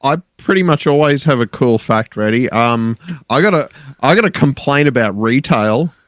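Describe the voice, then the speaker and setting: A man's voice: medium pitch, expressive, normal speed, no room sound. A young Australian man co-hosting morning radio, wry and a little hesitant. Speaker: radio co-host. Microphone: studio microphone.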